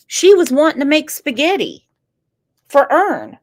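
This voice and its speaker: A woman's voice: sits high, wildly swooping pitch, a little slow. A woman commenting on a true crime case with sarcastic, incredulous remarks. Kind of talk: opinionated commentary.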